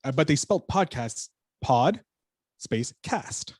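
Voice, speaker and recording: A man on a podcast as a guest, telling a story in an animated, casual way and swearing freely. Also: mid-range voice, slow pace, no room sound, clean studio sound.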